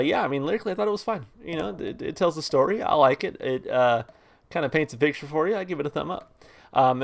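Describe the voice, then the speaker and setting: Chill guy doing a song reaction, mid pitch, kinda rambly, reads the lyrics out. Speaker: music reaction host. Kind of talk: casual music review talk.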